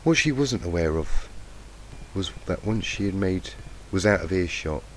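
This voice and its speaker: A man's voice: low-pitched, expressive, normal speed. A man with a cold reading a fanfic aloud in a plain, lightly emotive way on a faulty home mic. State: has a cold, croaky. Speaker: fanfiction reader. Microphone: cheap faulty home mic. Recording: noisy lo-fi mic.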